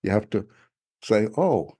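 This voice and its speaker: A man, an author, talking in a relaxed podcast conversation, reflective and often chuckling as he restarts his sentences. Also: mid-range voice, moderate pace. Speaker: author discussing his spiritual experiences. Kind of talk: casual conversational podcast talk.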